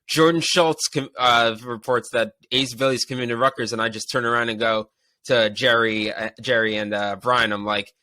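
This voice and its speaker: A man, a sports reporter guesting on a podcast, telling a story excitedly with many fillers. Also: mid-range voice, moderate pace, no echo. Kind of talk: casual sports podcast chat.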